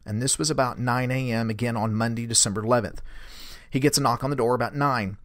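A man casually retells a source's encounter as host, in a relaxed, rambling way with fillers and lively quoted speech. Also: medium pitch, fast, dry recording, studio quality. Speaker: host recounting a source's story. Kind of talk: conversational storytelling.

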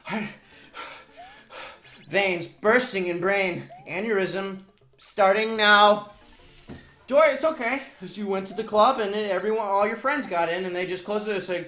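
A woman streaming a speedrun, talking in a joking, excitable way that swings to shouting, in an echoey room. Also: mid-range voice, unhurried, faint music behind. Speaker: video game streamer. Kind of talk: live-stream commentary while speedrunning.

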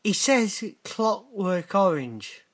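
A British man in middle age hosts a casual reaction video, his voice sitting fairly high. He drawls unhurriedly through his points, blunt and sweary, with a teasing edge. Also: big pitch swings, takes it slowly. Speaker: channel host reacting to viewer messages.

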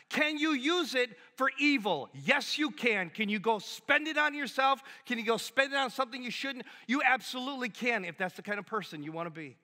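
High bright-voiced male pastor preaching. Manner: animated, conversational preaching with acted-out quotes. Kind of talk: sermon. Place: church sanctuary. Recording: long hall reverb in a church.

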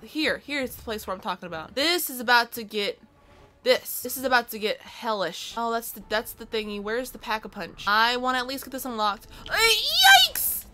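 A woman's voice: on the high side, bright, forceful tone, slight background noise. A young woman hosting her own channel, giving jittery, self-mocking gameplay commentary that breaks into yelps when startled. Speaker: gaming channel host.

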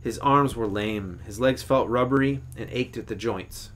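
A man, an English professor, reading a literary short story aloud in a measured, expressive way, now and then correcting himself. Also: mid-range voice.

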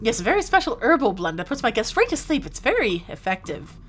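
Woman putting on a sly creepy innkeeper man, falsely innocent, odd stresses, lively swooping pitch, game character. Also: quick pace. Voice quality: claims a lisp. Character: creepy grinning male innkeeper-butcher, sly.

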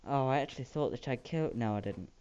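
A man chats his way through a block-building game, playful and self-mocking, tossing in goofy sound effects as he wanders. His voice sits mid-pitch and comes through a dull, lo-fi home mic with a faint hiss behind it. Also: fast talker, darkish tone. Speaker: Minecraft let's player. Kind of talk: casual gameplay commentary.

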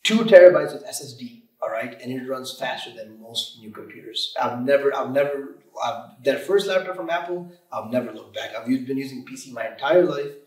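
A man's voice: mid-range voice, brisk, hardly any pauses, darkish tone. A man in his thirties, an auto shop owner and guest, talking emphatically in a casual podcast interview and repeating himself as he goes. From Michigan, USA. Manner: emphatic, repeats words, restarts often. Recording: roomy room, distant mic.

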